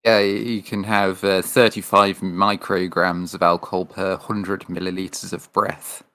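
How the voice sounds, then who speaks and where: A man's voice: low-pitched, level tone, fairly bright tone. A man, chatting hesitantly on a casual podcast. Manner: hesitant, halting, many ums. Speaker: podcast co-host. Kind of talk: casual chat.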